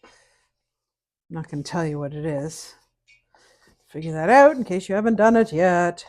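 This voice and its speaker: Middle-aged Canadian woman, cooking teacher, lowish voice, loose chatty delivery with humming. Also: animated, moderate pace, darkish tone. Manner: chatty, hums and sings to herself while working. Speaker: cooking instructor. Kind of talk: casual cooking tutorial chat.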